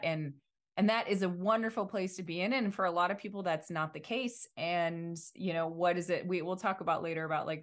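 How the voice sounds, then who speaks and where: Woman, podcast co-host, rambling, reflective, low voice. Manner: rambling, filler-heavy, reflective. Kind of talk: casual chat.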